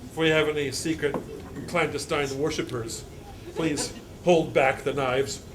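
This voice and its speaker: A man, a university instructor, reading a picture book aloud to a live audience, halting with fillers and joking asides. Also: fairly high pitch, fairly even intonation, a crowd in the background.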